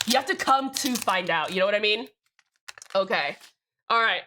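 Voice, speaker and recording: A woman's voice: mid-range voice, expressive, normal speed, sharp tone, a little hiss or hum. A woman live streamer chatting casually with her chat, joking and swearing, with rambling restarts. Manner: profane, joking, reads out chat names.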